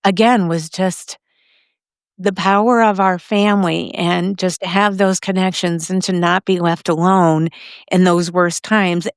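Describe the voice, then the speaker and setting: A middle-aged woman hosting a podcast, telling a personal story in a lively way, laughing often. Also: lowish voice, a little slow, smooth, no room sound, clean studio sound. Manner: lively, acts out other people's lines, laughs often.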